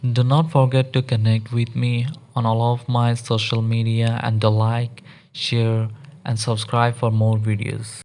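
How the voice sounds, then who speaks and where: A man teaching English grammar in a slow, deliberate lesson, reading out word lists one by one. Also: mid-range voice, monotone, a little mellow. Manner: reads word lists in a measured, deliberate cadence.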